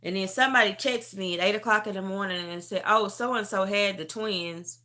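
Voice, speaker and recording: Middle-aged woman, host of a testimony live stream; sharp bright tone, animated and emotional storytelling, close to tears. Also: medium pitch, normal speed. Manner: animated storytelling, calls the listener "beauty". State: near tears. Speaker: host sharing a personal testimony.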